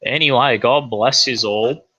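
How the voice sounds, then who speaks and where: A man's voice: medium pitch, unhurried, pushed and bright, muffled recording. A man with an Australian accent hosting a crude comedic news livestream, rambling and swearing in blokey slang.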